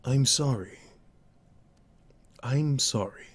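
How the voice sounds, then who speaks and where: A man's voice: medium pitch, extremely slow, husky, voice pushed up. A man reading as an old tribal elder. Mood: calm. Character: old male tribal elder and seer, calm.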